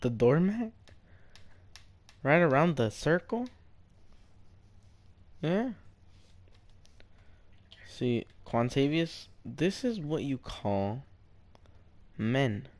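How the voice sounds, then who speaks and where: A man's voice: mid-range voice, big pitch swings, very slow, pauses often, no echo. A young man in game voice chat, telling mock-serious tall tales and playfully trolling a stranger while he plays, stretching out the other player's name. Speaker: gamer.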